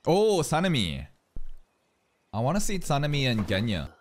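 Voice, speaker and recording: A man streaming live anime reaction commentary, excitable and exclamatory, swearing often and repeating words rapidly when surprised. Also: medium pitch.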